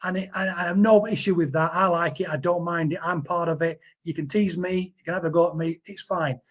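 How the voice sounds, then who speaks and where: Man, husky voice, fairly high pitch, earnest, interview guest. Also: steady tone, a little fast. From Yorkshire, England. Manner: earnest, defensive, repeats words. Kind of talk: casual interview chat.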